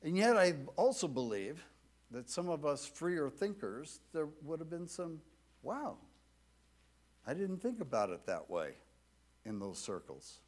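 A man preaching a sermon to his church in a measured, deliberate way. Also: a little high. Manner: slow, measured preaching with lively rises and falls. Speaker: pastor.

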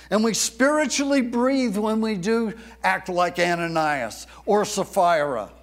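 A man preaching a sermon, leading the congregation in reciting lines back to him with deliberate, emphatic phrasing. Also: sits high. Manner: leads the congregation in call-and-response recitation. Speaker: pastor.

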